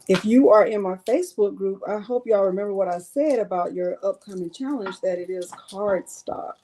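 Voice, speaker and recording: A woman's voice: mid-range voice, moderate pace, hardly any pauses, warm tone, slight background noise. A woman hosting a live crafting stream, chatting with her viewers in a playful, self-mocking way. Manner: chatty, talks straight to viewers. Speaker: crafting channel host.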